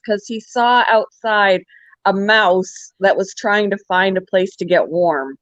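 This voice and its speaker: A woman in her forties co-hosting a podcast, quickly retelling a story with quoted dialogue. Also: medium pitch, a bit bright, dry recording. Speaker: podcast co-host. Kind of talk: casual storytelling chat. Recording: dull, lo-fi sound.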